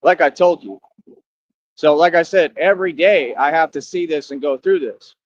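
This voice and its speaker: A man's voice: on the high side, moderate pace, no room sound. A young man in a boastful, confrontational monologue to the camera, full of slang and rhetorical questions. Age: young adult. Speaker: vlogger. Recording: dull lo-fi sound.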